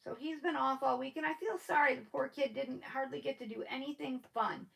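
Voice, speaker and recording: A woman's voice: high-pitched, fairly even intonation, fairly quick, creaky, fairly bright tone, poor audio. A woman with a noticeable lisp hosting a live stream, chatting casually and rambling with her viewers, laughing often.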